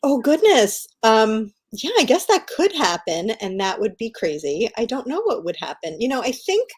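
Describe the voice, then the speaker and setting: A middle-aged woman, a guest author, chatting enthusiastically over a video call about her work and telling lively stories. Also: fairly high pitch, moderate pace, husky. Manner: enthusiastic, animated storyteller. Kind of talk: casual interview chat.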